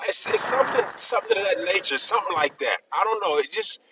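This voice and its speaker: A man in a casual group discussion, talking in a rambling, halting way with many restarts and emphatic bursts. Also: high-pitched, wildly swooping pitch, muffled recording, background noise. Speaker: discussion panelist.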